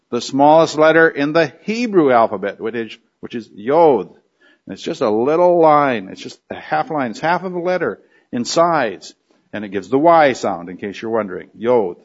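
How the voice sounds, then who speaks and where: A man's voice: mid-range voice, lo-fi sound. A man giving a teaching sermon, explaining verses and often checking in with his listeners. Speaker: Bible teacher.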